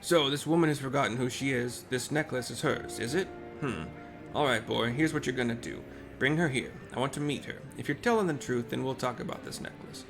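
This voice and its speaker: A man's voice: medium pitch, brisk, over music, close to an everyday voice. Man reading as a drunk menacing soldier, sneering, game dialogue.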